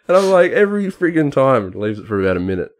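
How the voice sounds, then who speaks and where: A man's voice: medium pitch, very animated, racing. A man co-hosting a podcast, chatting with old friends and laughing often. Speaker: podcast co-host. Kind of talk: casual chat among friends.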